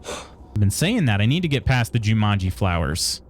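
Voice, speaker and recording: A man streams a video game live, reading his chat aloud and chuckling often as he talks casually with viewers. His voice sits on the low side, very animated, at a moderate pace, with slight background noise.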